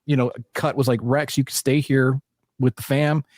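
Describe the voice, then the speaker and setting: A man co-hosting a casual fan podcast, talking in an animated, jokey and profane way. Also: medium pitch, normal speed, no room sound, studio quality. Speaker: podcast co-host. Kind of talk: casual chat.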